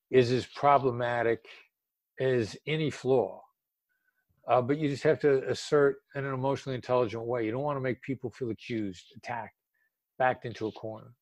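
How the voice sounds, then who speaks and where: A man's voice: medium pitch, darkish tone, no room sound. An older man speaking as an expert guest in a casual interview, emphatic and drawing out words for stress.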